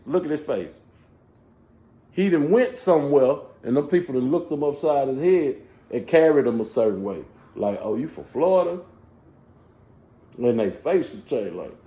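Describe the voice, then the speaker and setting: A man in casual podcast chat, animated and mocking, swearing and laughing often. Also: on the high side, normal speed. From Texas. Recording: echoey room.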